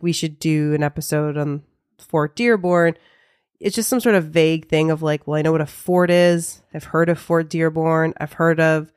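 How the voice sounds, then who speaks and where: A woman co-hosts a relaxed podcast, chatting loosely with many fillers. Her voice sits a little low, and the dry sound puts her close to the mic. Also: clean tone, no room sound. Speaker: podcast co-host. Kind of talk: casual chat.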